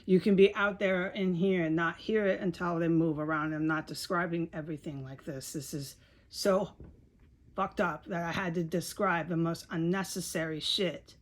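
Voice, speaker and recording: Frustrated woman with a lowish voice, rambling straight to camera and swearing. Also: steady tone, normal speed. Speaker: video blogger.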